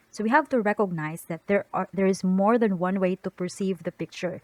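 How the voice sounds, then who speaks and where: A woman gives an online lesson, explaining patiently with frequent restarts and a questioning "right?" to the listener. Her voice sits at a middle pitch, recorded close and dry with no room sound. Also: darkish tone, no echo, low-quality recording. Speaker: teacher. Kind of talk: online lecture.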